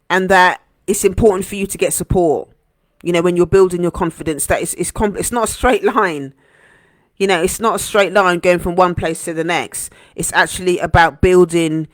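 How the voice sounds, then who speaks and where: A woman hosting a heartfelt motivational live stream as a coach, earnest and gentle, repeating phrases for emphasis. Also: lowish voice, no room sound, studio quality. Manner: gentle, encouraging.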